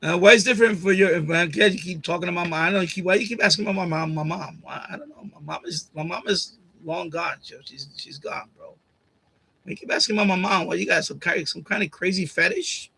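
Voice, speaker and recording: A man streams live from home, talking bluntly and casually with his chat, laughing at comments and saying things more than once. His high, gravelly voice moves fast, with a sharp tone and a slight roughness. The audio, captured on a boom-arm USB condenser mic, sounds rough.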